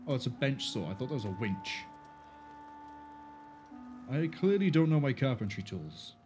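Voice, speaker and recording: A male streamer giving casual commentary over his gameplay. He tosses in playful, joking asides in a relaxed, everyday voice. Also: mid-range voice, normal speed, soft background music.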